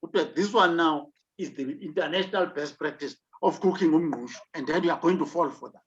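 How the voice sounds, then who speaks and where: A man's voice: fairly high pitch, brisk. A South African man giving an online leadership lecture, emphatic, with rhetorical questions. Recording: dull lo-fi recording.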